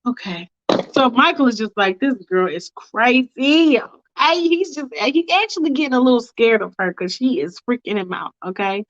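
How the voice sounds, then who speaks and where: A woman's voice: a little high, lively intonation, a little fast, few pauses, a bit bright. A woman casually reading her fanfiction aloud, with chatty asides to listeners. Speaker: storyteller host. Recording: dull lo-fi recording.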